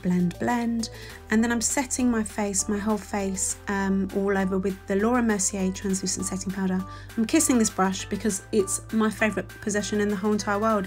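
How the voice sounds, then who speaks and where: A woman in her forties from London with a London accent narrates a beauty tutorial. She sounds chatty and self-deprecating and gushes over her favourites, at a middling pitch for a woman. Soft music plays faintly beneath the voice-over. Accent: London English. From England. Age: 40s. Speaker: beauty vlogger.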